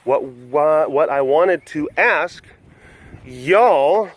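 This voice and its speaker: A man's voice: on the high side, expressive, very slow, no echo. A man hosting a casual webcast from an animal facility, rambling, laughing often, and cooing at the animals. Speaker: vlog host at a wild animal facility.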